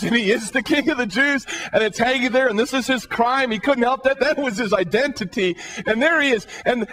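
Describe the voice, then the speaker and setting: A man's voice: very high-pitched, pushed and bright. A man preaching a sermon in an earnest way, asking the listeners questions and often repeating words as he builds a thought.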